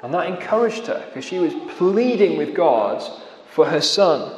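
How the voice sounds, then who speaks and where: A man preaching in a big, echoey hall where every word rings on with a long tail of reverb. His voice sits a little high for a man. He is earnest, slows down to lean on key words, and lets phrases fall away to near silence. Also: big pitch swings, darkish tone. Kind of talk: sermon.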